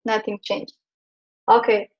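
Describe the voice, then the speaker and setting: In muffled video-call audio, a Slovenian woman gives an online lesson in Chinese pronunciation. She patiently repeats every sound for her students. Her voice is mid-range and slow, with little pitch movement.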